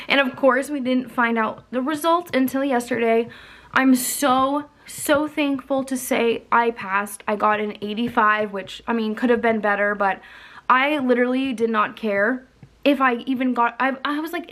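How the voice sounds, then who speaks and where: A woman's voice: a little high, a little slow, fairly bright tone. A young woman telling a candid, profane story in a casual vlog. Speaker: vlogger.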